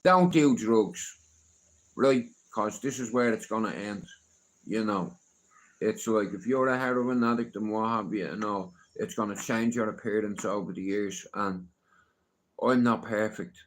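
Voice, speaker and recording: A man's voice: on the low side, steady tone, normal speed. A middle-aged man ranting casually on a livestream, swearing often and asking "you know what I mean?".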